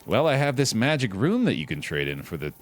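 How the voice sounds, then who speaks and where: A man's voice: lowish voice, sing-song, fairly quick. A man voicing a sweet but scheming female fairy offering a deal, in a sugary raised voice. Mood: coaxing.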